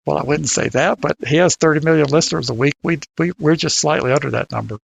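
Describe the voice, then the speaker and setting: A man's voice: on the high side, quick pace, creaky, breathy edge, no room sound. An older man co-hosting a casual podcast discussion, often repeating words as he starts his sentences. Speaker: podcast co-host.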